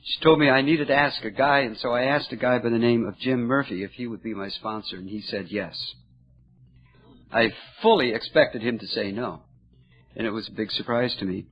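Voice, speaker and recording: An older man tells his recovery story with an earnest, halting delivery. His voice is husky, with a mid-range pitch. The recording sounds dull and lo-fi. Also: faint music behind. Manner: earnest, halting, emotional at moments. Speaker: recovery meeting speaker. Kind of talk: personal storytelling talk.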